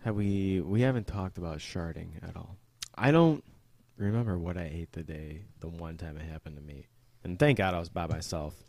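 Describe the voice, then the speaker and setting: A man's voice: low-pitched, moderate pace, darkish tone, no echo. A man co-hosting a podcast, telling funny stories in casual chat with dry humor. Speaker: podcast co-host.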